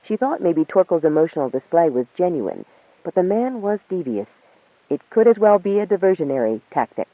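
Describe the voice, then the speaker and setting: A man narrating an audiobook in a steady storytelling manner. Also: high voice, brisk, no echo. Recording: phone-like dry sound.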